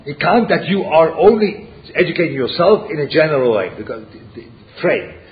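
A man's voice: a little high, very animated, moderate pace. A man teaching a Torah class, who asks rhetorical questions, repeats himself and mixes Yiddish and Hebrew terms into his English. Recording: muffled lo-fi recording with faint background noise.

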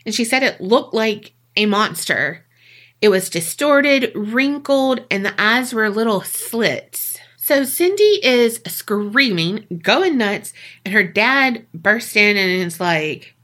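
A woman co-host narrating a strange tale in loose, conversational podcast style. Her voice is bright and forceful, and she swears casually as she goes. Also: fairly high pitch, expressive, slow pace. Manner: chatty, swears freely. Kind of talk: casual storytelling.

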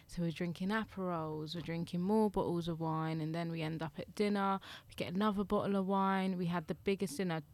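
A woman's voice: on the low side, steady tone, fairly quick, few pauses, no room sound. A young woman co-hosting a podcast, chatting casually and swearing freely as she tells stories. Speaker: podcast co-host. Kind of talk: casual chat.

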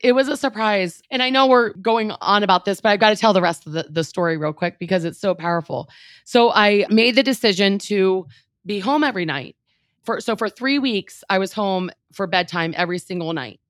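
A woman in her thirties, a real estate team leader, telling a candid personal story in an interview, animated and emotional, with lots of "like" fillers. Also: medium pitch, brisk, dry recording, clean studio sound.

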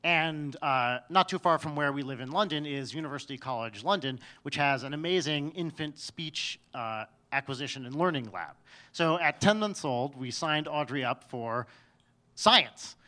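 Man, live storytelling, wry and self-mocking, higher voice, sharp bright tone. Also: normal speed.

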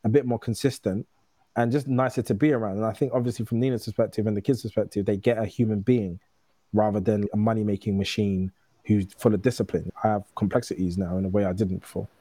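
A man's voice: fairly low pitch, fairly even intonation, mellow, no echo. A man in his thirties, a guest telling candid personal stories in casual conversation, often restarting his phrases. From United Kingdom. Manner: candid, storytelling, quick restarts.

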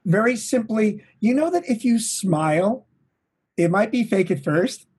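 A middle-aged man, a touring drummer, talking as an interview guest in an energetic, motivational way, swearing now and then. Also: high voice, unhurried, husky. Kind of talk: casual interview. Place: home, at a desk.

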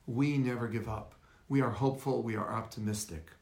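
Man, rabbi, livestream lecture, storytelling, rhetorical questions, gravelly, roomy echo. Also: mid-range voice, fairly even intonation, a little fast. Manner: storytelling, rhetorical questions, welcomes viewers by name. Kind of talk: Facebook Live lecture.

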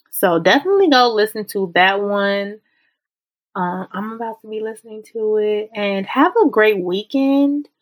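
A woman hosting a faith-based self-help podcast, talking in a conversational, encouraging way and repeating her key points. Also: mid-range voice. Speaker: podcast host.

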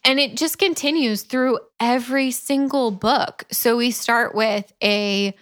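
Brisk, higher-voiced woman co-host. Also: fairly bright tone. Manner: brisk retelling, quick asides. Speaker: podcast co-host. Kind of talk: casual book-review chat.

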